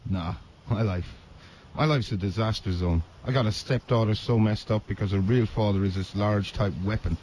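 A man's voice: lowish voice, normal speed, darkish tone, slight background noise, lightly acted. An actor playing a tired police detective who talks about his wrecked home life in a rueful way. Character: weary male police detective with a messy life.

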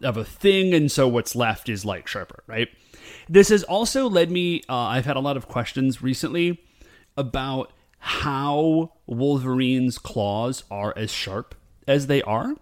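A man co-hosting a podcast, talking in a rambling, animated way with lots of fillers. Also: medium pitch, unhurried. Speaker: podcast co-host. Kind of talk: casual chat.

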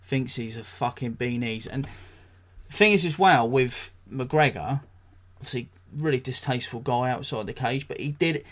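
A man's voice: medium pitch, moderate pace. An English man hosting a solo podcast, talking blunt and sweary, ranting with dry jokes. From England. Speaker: podcast host.

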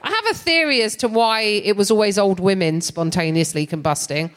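A middle-aged woman comedian does stand-up on a big theatre stage, telling a story into a stage microphone. Her delivery is sardonic, lively and brisk, with a medium-pitched voice, and she laughs between lines.

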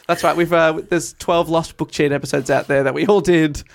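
A man hosts a podcast in a casual, joking way, laughing often. His voice sits a little high for a man. He keeps the talk light and chatty. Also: steady tone, brisk, vocal fry. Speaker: podcast host. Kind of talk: casual chat.

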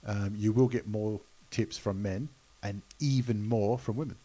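A man's voice: lowish voice, steady tone, a little slow, warm tone, breathy edge. A man in casual podcast chat, hesitating with many ums as he recalls facts.

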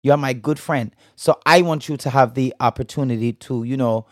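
A man doing a rough impression of a gentle, affectionate Barbadian female pop star, in an attempted Barbadian accent. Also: mid-range voice, no room sound, clean studio sound, lightly acted. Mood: pleading, fond. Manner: halting, amateur impression with slips.

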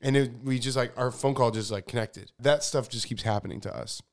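A man co-hosting a podcast in casual chat, teasing his partner playfully and jumping up in pitch to exaggerate. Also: a little fast. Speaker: podcast co-host.

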